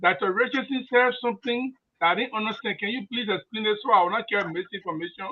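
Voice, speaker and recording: A man's voice: sits high, quick pace. A man calling in, polite and formal as he presses his questions. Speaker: caller. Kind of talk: call-in discussion. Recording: tinny phone line.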